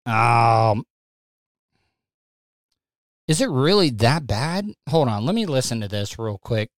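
A man hosting a live stream in a clear, resonant voice that stays unhurried and drawn out. He rambles casually, stumbles over his words in repeated restarts, and grows agitated at times. The sound is dry and close, with almost no room around it. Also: medium pitch, very animated, no room sound. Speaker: live stream podcast host. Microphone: streaming setup mic.

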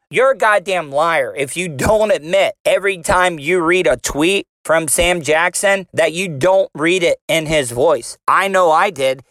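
A man hosting a casual solo podcast, talking in a loose, rambling way with jokes and swearing. His voice sits a touch high for a man and has the nerdy sound he describes himself. The sound is dry and close, with no room echo. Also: fairly bright tone. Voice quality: nerdy voice, as he calls it. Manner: rambling, joking, profane. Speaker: podcast host.

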